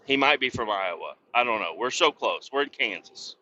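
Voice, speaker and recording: A man who hosts a podcast, ranting in a casual, profane, sarcastic way while he drives his truck down the highway. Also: lively intonation, normal speed, bright, forceful tone. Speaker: podcast host. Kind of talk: casual rant while driving. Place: inside a moving truck on the highway. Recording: dull lo-fi sound.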